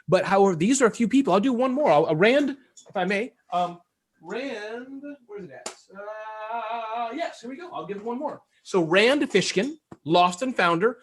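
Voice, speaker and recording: A man being interviewed as a guest entrepreneur, talking fast and animated and joking as he goes. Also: high-pitched, slight background noise. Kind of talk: casual interview talk.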